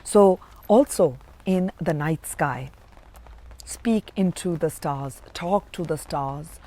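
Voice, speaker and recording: A woman giving a spiritual card reading to camera, speaking slowly and warmly with affirming, emphatic rises. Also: deep voice. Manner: slow, dreamy, affirming delivery with emphatic rises. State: emotional, near tears. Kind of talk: intuitive tarot reading to camera.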